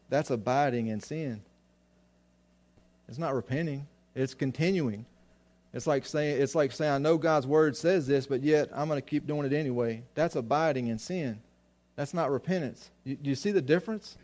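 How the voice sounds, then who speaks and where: A man's voice: fairly high pitch, darkish tone. A man preaching a sermon to his congregation, often restarting phrases and asking them questions. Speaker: pastor.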